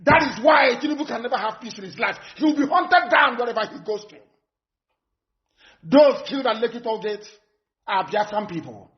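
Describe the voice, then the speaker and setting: A Nigerian-accented man delivers a fiery broadcast address in a voice pitched high for a man. He is scornful and emphatic, hammering phrases again and again. The recording is dull and lo-fi. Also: expressive, a little fast. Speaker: political activist. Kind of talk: impassioned live broadcast speech.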